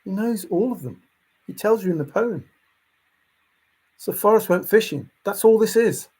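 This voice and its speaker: Husky, emphatic man talking. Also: high voice, expressive, normal speed, darkish tone. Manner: emphatic, repetitive, chuckles to himself. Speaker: vlogger. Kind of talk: casual monologue.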